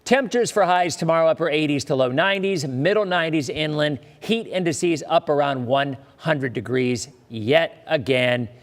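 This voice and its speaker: A man's voice: on the high side, normal speed, few pauses, long reverb tail. A man hosting a live weather forecast, talking in a chatty way with joking asides to his viewers.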